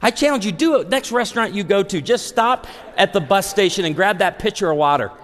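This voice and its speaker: A pastor in his forties preaching a humorous, story-driven sermon to a live audience, animated and acting out dialogue. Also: sits high, fairly quick. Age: 40s. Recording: long hall reverb.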